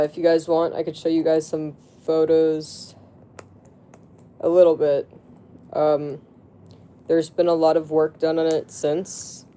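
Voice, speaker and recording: Casual live streamer at medium pitch, rambling with constant fillers and coarse swearing at chat. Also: dark tone, slight background noise. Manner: rambling, heavy with fillers and restarts; crude, profane outbursts at chat.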